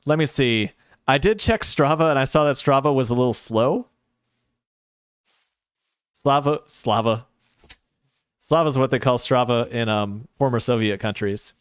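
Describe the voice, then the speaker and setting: A man's voice: medium pitch, a little fast, smooth, dry recording, studio quality. A sleepy man streaming a game, chatting casually with his viewers and making rambling, sarcastic asides. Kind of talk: casual chat while gaming, answering chat.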